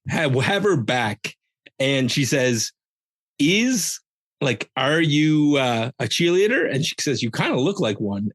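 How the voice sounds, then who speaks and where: A man with a medium-pitched, fairly bright voice hosts a podcast in a dry recording. He gives a casual, rambling recap of a wrestling show, joking around with playful asides.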